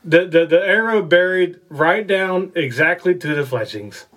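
A man's voice: sits high, measured pace, a bit bright. A man telling a story on a podcast in a rambling, profane way, laughing often. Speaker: podcast co-host. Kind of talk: casual storytelling.

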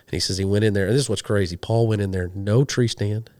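Brief: very low-voiced Oklahoma man, hunting guest, lively anecdotes, dry close mic. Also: quick pace, no echo. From western Oklahoma. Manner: animated storyteller, quotes people in dialogue. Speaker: guest, hunting show host. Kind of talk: casual storytelling interview.

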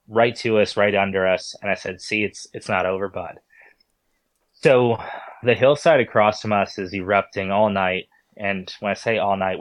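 A man's voice: on the low side, fairly bright tone, no echo. A man, a podcast guest, tells a hunting story in an interview, often stumbling and repeating words as he goes.

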